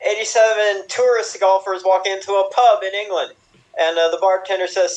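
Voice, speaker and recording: A man playing an improv game, telling quick golf joke setups with small restarts before the punchline. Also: sits high, fairly even intonation. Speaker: improv player. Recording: distant, dull-sounding mic.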